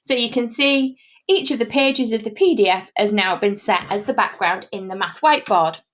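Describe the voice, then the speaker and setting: A woman's voice: a little high, normal speed, fairly bright tone. A woman who teaches math explains a whiteboard tool step by step in a screen-recorded tutorial. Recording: dull lo-fi sound.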